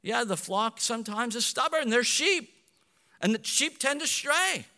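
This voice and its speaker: A man, a pastor, preaching a sermon with animated delivery, swinging between loud and hushed passages. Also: very high-pitched, measured pace, in a large hall.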